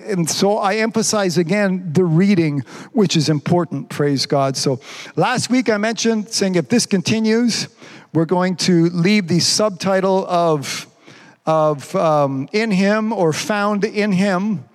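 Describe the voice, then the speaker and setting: A man's voice: sits high, takes it slowly. A pastor preaching a sermon, fervent and repetitive, peppering his talk with "praise God" and "amen.". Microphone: streamed online service.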